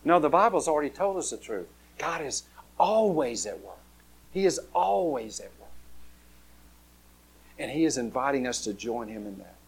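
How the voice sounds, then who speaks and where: A man's voice: mid-range voice, sing-song, moderate pace, long pauses, slightly rough. A man preaching a conversational sermon, full of restarts and repeated words. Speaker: pastor.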